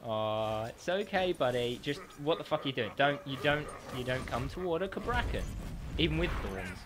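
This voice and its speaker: A man giving excitable, sweary commentary on his own gameplay, trash-talking as he plays. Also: mid-range voice, normal speed, crowd noise. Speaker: gaming YouTuber.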